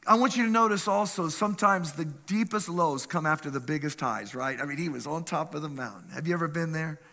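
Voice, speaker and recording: A man preaching with animated energy and a high, bright, forceful voice. He reads scripture and calls out questions to the congregation. His voice carries a long hall reverb. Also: brisk. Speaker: pastor. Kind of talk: sermon.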